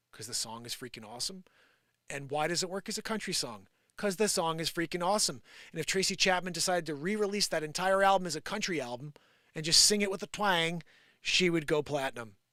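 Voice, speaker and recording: A man hosting his own live show rants in an improvised, sarcastic way. His voice sits a bit high and comes out sharp and bright. He swings from loud bursts to low mutters, and the close mic leaves almost no room sound. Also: no room sound. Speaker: live-stream host. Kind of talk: improvised live opinion rant.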